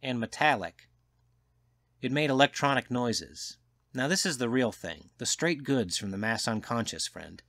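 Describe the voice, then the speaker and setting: A man's voice: mid-range voice, animated, unhurried, fairly bright tone, no echo. A man voicing a worldly, cynical male journalist who lectures in a knowing, slightly raised voice, in an audiobook reading. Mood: amused storytelling. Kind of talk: audiobook character voice.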